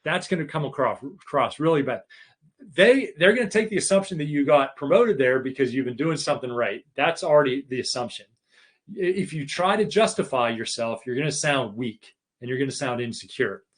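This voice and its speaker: A man's voice: mid-range voice, lively intonation, a little fast. A middle-aged man giving a conversational leadership masterclass, restarting phrases often and acting out short bits of dialogue. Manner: conversational, many restarts, acts out quoted dialogue. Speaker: keynote speaker on leadership. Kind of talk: live masterclass talk.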